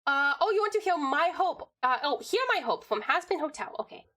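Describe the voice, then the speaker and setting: A woman's voice: high-pitched, very animated, a little fast, bright, forceful tone, exaggerated voice. A woman putting on a baby voice for a little tiger-like creature version of her streaming persona, talking in cutesy broken baby talk. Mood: playful.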